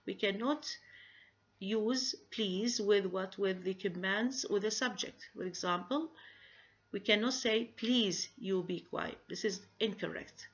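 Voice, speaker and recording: Woman lecturing on grammar, lots of uh and restarts, muffled lo-fi audio. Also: mid-range voice. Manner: halting, many fillers and restarts, rhetorical questions. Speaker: grammar teacher. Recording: dull lo-fi recording.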